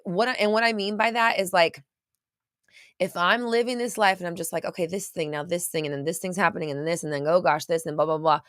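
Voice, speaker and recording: A woman's voice: fairly low pitch, a bit bright, clear, resonant tone, no room sound, studio quality. A woman host talking casually to a live chat, rambling with many restarts and at times getting choked up. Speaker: podcast host.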